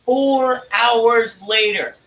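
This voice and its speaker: Co-host, male, dry wry delivery, bright voice, roomy distant sound. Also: very high-pitched, extremely slow, gravelly. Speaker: podcast co-host. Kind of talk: casual chat. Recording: echoey room, distant mic.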